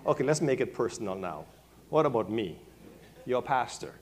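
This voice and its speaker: A male pastor preaching a sermon, calling on members of his congregation by name, swinging from quiet remarks to loud, high-pitched exclamations. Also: big pitch swings, normal speed, slight background noise. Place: church sanctuary.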